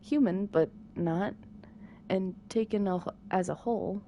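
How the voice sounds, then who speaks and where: A woman calmly narrating a visual novel as soft bedtime reading, with dry asides. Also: medium pitch, unhurried, dull audio, a little hiss or hum.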